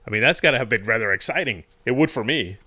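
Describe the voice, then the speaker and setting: A man hosting a TV interview show, relaxed and jokey, often restarting his sentences. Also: mid-range voice, fast, no echo. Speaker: talk-show host.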